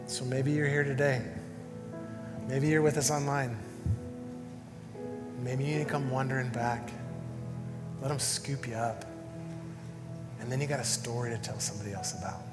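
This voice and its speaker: Animated storytelling pastor, echoing church hall. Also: male voice, fairly high pitch, moderate pace, faint music behind. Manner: animated storyteller, acts out voices and sound effects. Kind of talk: sermon with personal story.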